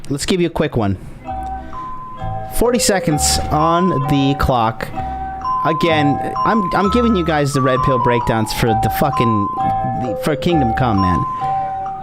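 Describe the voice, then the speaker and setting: Crude, stammering male commentator. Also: on the high side. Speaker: host. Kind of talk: reaction commentary.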